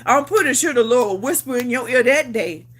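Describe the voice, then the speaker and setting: A woman's voice: on the high side, animated, brisk, fairly bright tone, breathy edge. A woman vlogger telling a personal story in a casual chat. She talks emphatically, repeats herself, swears freely and laughs often. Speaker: vlogger on a livestream.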